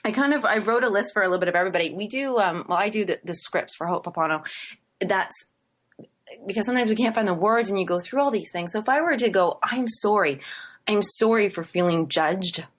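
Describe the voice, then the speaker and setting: A woman co-hosting a talk radio show, earnest and effusive, laughing often and slowing down to recite prayer phrases. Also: medium pitch. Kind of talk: casual talk-radio teaching.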